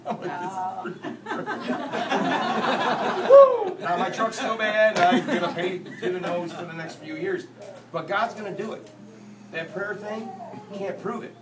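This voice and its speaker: A man speaking at a church, a lively, joking storyteller who acts out the dialogue in his testimony. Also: high-pitched, moderate pace, heavy background noise. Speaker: guest speaker and singer at a church. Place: church sanctuary. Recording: echoey church hall, distant mic, guitar.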